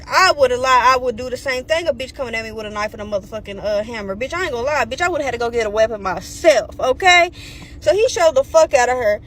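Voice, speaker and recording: A young woman, telling a storytime in a blunt, profane, animated way and acting out the voices she quotes. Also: high-pitched, slight background noise. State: pregnant. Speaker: storytime vlogger. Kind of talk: casual storytime rant.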